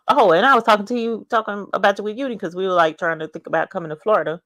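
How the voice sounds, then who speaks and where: A chatty woman hosts a craft livestream from home. She greets viewers and reads their comments aloud, with an animated, laughing delivery. Her voice is bright and forceful, and it sounds dry and close. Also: mid-range voice, very fast, few pauses, no echo. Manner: animated, with bursts of laughter and cheering. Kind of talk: casual livestream chat.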